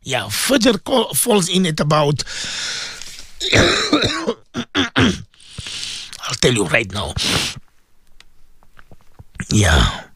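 A man hosting a religious radio show as a cleric, speaking emphatically and repeating phrases, his throat sore and often cleared. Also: a little high, huge pitch swings, drawn-out words, long pauses, fairly bright tone, no echo. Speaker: radio host and Muslim cleric. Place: radio studio.

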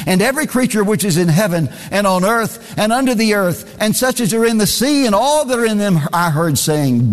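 A man's voice: sits high, expressive, brisk, hardly any pauses, long reverb tail. A man preaching a sermon, reading scripture aloud in a singsong cadence and repeating phrases for emphasis.

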